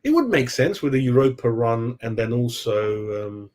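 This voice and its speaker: A man's voice: mid-range voice, sing-song, moderate pace, darkish tone, slight background noise. A man hosting a football fan channel, chatting on a live stream in a rambling, easygoing way, laughing often and calling his viewers mate. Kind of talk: casual live-stream chat.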